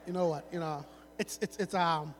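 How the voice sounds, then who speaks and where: A man putting on a stammering smooth-talker. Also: on the high side, fairly even intonation, moderate pace, big-room sound, slight background noise, pitched below the performer's own voice, lightly acted. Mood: coaxing. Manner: hesitant, stammering, coaxing. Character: smooth-talking young man chatting up a woman.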